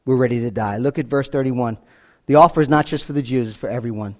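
A man preaching a sermon, shifting from loud exclamations to hushed, low tones, with conversational asides and repeated words. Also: fast talker. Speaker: pastor.

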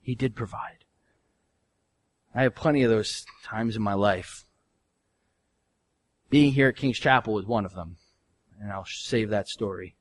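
A male pastor preaching a sermon in an earnest, conversational way, his voice swinging from soft to loud. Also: fairly low pitch, unhurried, long pauses.

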